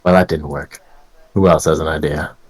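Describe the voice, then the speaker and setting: A man playing a tabletop game, talking casually and planning moves in a relaxed way. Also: very deep voice, moderate pace, slight background noise. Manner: relaxed planning talk, laughs often.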